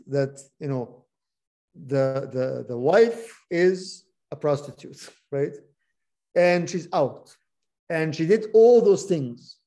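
A Bible study teacher reads scripture aloud and teaches on it, his voice sitting high. He's animated, leans on key words, and often restarts his sentences.

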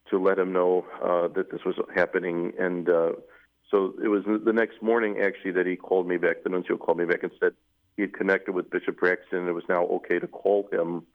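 A middle-aged man, a newly appointed Catholic bishop, telling his story at length in a measured way, with fillers. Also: low-pitched. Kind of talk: interview storytelling. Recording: tinny phone-like radio audio.

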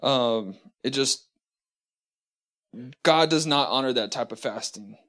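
Man, church lesson teacher, mid-pitched, halting delivery with restarts, slow measured scripture reading. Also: a bit bright. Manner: halting, many fillers and restarts.

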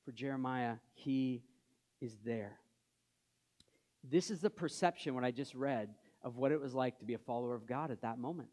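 A male pastor with a mid-range voice preaches at normal speed, keeping things conversational. He questions the congregation and goes soft when reading scripture.

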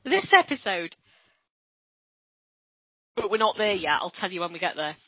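A woman's voice: lowish voice, animated, normal speed, slightly rough, dry recording. A woman chatting casually on a video call podcast, telling stories expressively with giggles and casual swearing. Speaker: podcast co-host. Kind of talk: casual chat. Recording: dull lo-fi dry sound.

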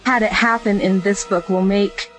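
A woman's voice: mid-range voice, fairly even intonation, moderate pace, a bit bright, soft background music, poor audio. A woman calling in to a podcast, speaking enthusiastically and thoughtfully. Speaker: caller. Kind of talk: phone-in chat.

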